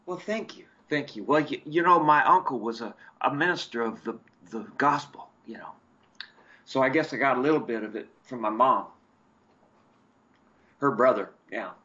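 A chatty man from Eastern Oregon calls in to a talk show, with a bright, forward voice. He tells folksy stories, and his voice comes through a dull, lo-fi line. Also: medium pitch, expressive, moderate pace. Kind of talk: casual call-in chat.

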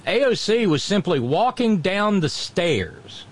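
Southern-accented radio host, man, fairly high voice, lively swings in pitch, salty and restless. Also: slow. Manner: profane, animated, repeats words when starting. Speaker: radio talk show host. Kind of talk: political talk radio.

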